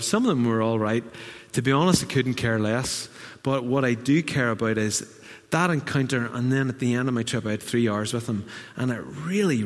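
A man from Northern Ireland with a Northern Irish accent preaching a sermon in a church, lively and humorous, with asides to the congregation. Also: mid-range voice. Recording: long church hall reverb.

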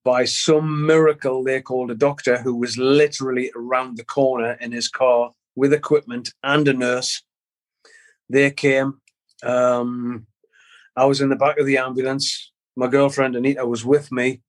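Middle-aged male guest, stop-start storyteller, mid-pitched voice, casual swearing. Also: level tone. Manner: halting, repeats words, swears casually. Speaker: guest musician.

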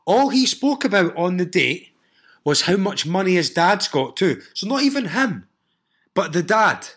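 A man with a Scottish accent, hosting a solo podcast and reading out listener stories, with frequent swearing, laughing asides and animated reactions. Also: high voice. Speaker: podcast host.

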